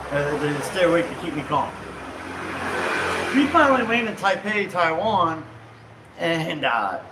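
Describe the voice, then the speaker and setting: A man casually telling a personal travel story, rambling and animated with frequent self-corrections. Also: fairly high pitch, slight background noise. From United States. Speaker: vlog host. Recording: roomy echo with faint outdoor ambience and birds.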